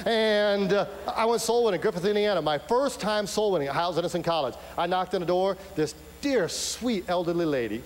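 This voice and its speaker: A man's voice: sits high, fairly quick, hardly any pauses. A man preaching a sermon, telling stories animatedly and acting out the voices of the people in them. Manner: animated storytelling with acted-out voices and shouts. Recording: echoey hall with faint hum.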